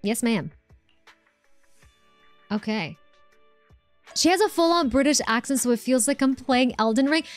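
A woman's voice: high voice, animated, measured pace, pauses often, soft background music. A woman live-streaming a game, chatting casually and answering her chat with lots of fillers and restarts.

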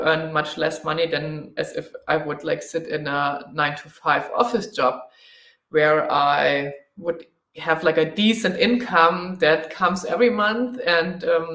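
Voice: medium pitch, fairly bright tone, roomy sound. A travel vlogger with a German accent, chatting through a live Q&A, thinking aloud and laughing readily. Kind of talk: live Q&A chat.

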